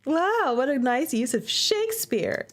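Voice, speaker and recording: A woman's voice: sits high, measured pace, soft background music. Playful young woman streaming a game. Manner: playful, animated, chatty. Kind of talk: casual game commentary.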